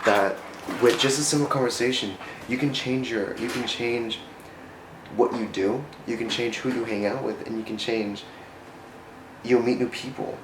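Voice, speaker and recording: A man's voice: medium pitch, fairly even intonation, normal speed, noisy background. Earnest rambling man in an echoey room. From United States. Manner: rambling, earnest, often restarts and corrects himself. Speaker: vlogger. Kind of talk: casual faith-based vlog talk. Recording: roomy echo.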